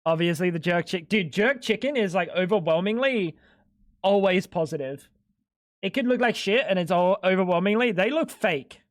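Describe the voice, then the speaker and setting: A man's voice: sits high, expressive, moderate pace, no room sound, studio quality. A man chatting casually on a live stream, rambling and sweary, with lots of "like". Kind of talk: casual chat while gaming.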